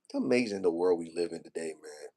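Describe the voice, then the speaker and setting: Deep, mellow, and animated, this young man talks at a quick clip while venting to his livestream audience. The twenty-something streamer's rant is slangy and emotional, and he repeats himself often.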